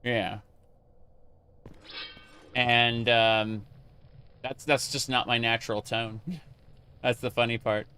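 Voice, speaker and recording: A man's voice: medium pitch, little pitch movement, takes it slowly, pauses often, pushed and bright, clear, resonant tone. A man chatting casually with his live-stream chat while playing a game, rambling with many fillers and restarts.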